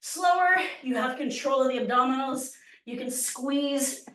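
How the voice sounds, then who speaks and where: A woman's voice: high voice, unhurried, a bit bright. A woman fitness instructor leading a workout class, cueing moves and counting down reps while out of breath. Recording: echoey room, voice from far off mic.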